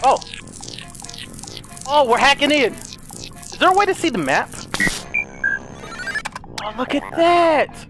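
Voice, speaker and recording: A man's voice: extremely high pitch, very animated, slow pace, pauses often, over music. A man giving hyper, jokey playthrough commentary as a gaming YouTuber, breaking into squealing outbursts.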